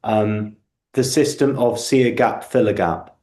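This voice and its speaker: A man's voice: on the low side, measured pace, a little mellow, roomy sound. A man hosting a book club video call, reflective and casual, often repeating words as he starts a thought.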